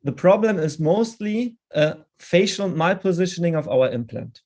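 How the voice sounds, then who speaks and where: A man presenting a dental implant lecture in a webinar, then answering questions, measured and often restarting his words. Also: sits high, lively intonation, darkish tone. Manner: measured, with frequent restarts and hesitations.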